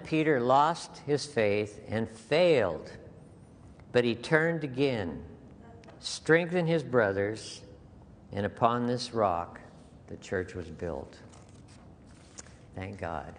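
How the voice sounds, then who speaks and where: A man's voice: mid-range voice, expressive, slow pace, pauses often. A man preaching a sermon as pastor, earnest and conversational, repeating key phrases for emphasis. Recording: long hall reverb with faint noise.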